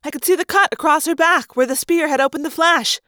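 A woman narrating a first-person novel aloud for a fan-made audiobook, in a lively, dramatic storytelling manner. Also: high voice, fairly quick, slight background noise. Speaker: audiobook reader.

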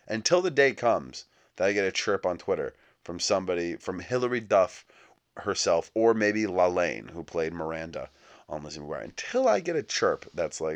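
Deep-voiced man riffing on a podcast. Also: lively intonation, moderate pace. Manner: riffing, sarcastic, acts out little scenes. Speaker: podcast host. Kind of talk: comedic movie podcast monologue.

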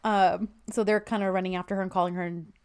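A woman's voice: mid-range voice, flat delivery, fast, darkish tone, smooth. A woman chatting casually as a co-host, animatedly retelling TV scenes and acting out the characters' lines. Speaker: co-host recapping a TV series.

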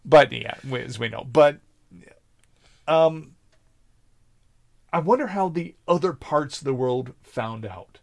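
A man's voice: medium pitch, takes it slowly, vocal fry, pauses often. A man co-hosting a podcast, chatting casually about a TV series and acting out quotes in raised voices. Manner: animated when joking, acts out quotes in raised voices. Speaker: podcast co-host.

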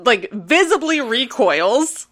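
A woman jokes her way through an episode recap as a podcast co-host, with plenty of fillers. Her voice is somewhat high and notably bright. She keeps the chat casual and teasing. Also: sing-song, slow pace. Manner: playful and joking, with many fillers.

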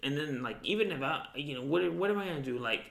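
A man's voice: a little high, expressive, quick pace, creaky, fairly bright tone. A young man telling rambling, profane stories in casual chat. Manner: profane, rambling storytelling with slang and Spanish quotes. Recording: echoey room.

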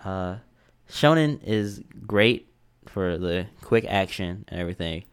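A man's voice: low-pitched, lively intonation, a little slow, clean tone. A man co-hosting a casual chat, talking bluntly in slang, cursing and laughing often. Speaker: podcast co-host.

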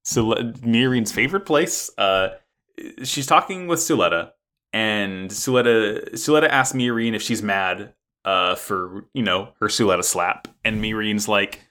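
A man co-hosting a podcast, casually recapping an anime episode, swearing and animated. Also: lowish voice, unhurried. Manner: animated retelling with swearing and acted quotes. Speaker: podcast co-host.

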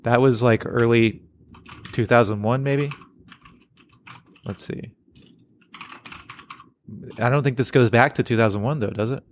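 A man's voice: medium pitch, measured pace, pauses often, a little hiss or hum. A man co-hosting a casual podcast, reading comic strips aloud and laughing often. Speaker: podcast co-host. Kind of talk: casual chat.

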